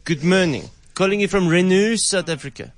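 Guy doing a thick french accent, fancy car company boss, super polite and slow, kinda high voice. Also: lightly acted. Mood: phony polite. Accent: put-on French. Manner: slow and deliberate, heavy put-on accent. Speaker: prank caller.

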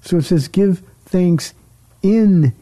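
A man, a pastor, talking faith in a casual chat, measured and emphatic, with some restarts. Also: high voice, mellow.

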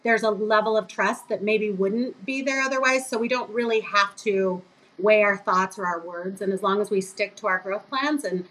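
A middle-aged woman, a guest on a podcast, telling a lively story and acting out the voices of the people in it. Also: medium pitch, normal speed, rough recording. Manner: animated, acts out quoted voices. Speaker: guest, business co-owner.

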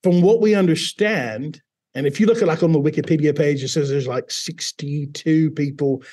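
A man from Mississippi, a teacher, telling his personal story in an interview in a relaxed, self-deprecating way. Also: a little high, moderate pace. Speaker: teacher and guest.

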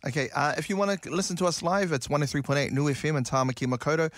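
A man's voice: fairly high pitch, very fast, fairly bright tone, no echo. A man with a New Zealand accent co-hosting a radio show, chatting casually and rambling a little. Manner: laid-back, rambling, says man a lot. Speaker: radio host. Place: radio studio.

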